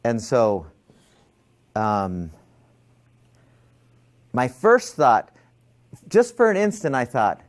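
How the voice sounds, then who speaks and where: A stress management instructor teaching a class talks casually and tells a rambling story full of restarts and fillers, often interrupting himself. His mid-range voice swings hugely in pitch, moving very slowly with long pauses.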